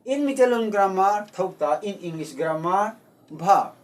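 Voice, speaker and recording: Brief: man, language teacher, unhurried drilling delivery, a little off-mic. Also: high voice, animated, distant mic, rough recording. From Manipur, India. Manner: repeats words slowly, switching between two languages. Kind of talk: slow explanatory language lesson.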